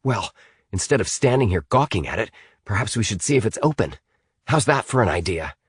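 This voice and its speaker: A man voicing a sharp-tongued teenage girl with a brisk way of talking. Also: fairly low pitch, very animated, slightly rough, no room sound, clean studio sound, heavily acted.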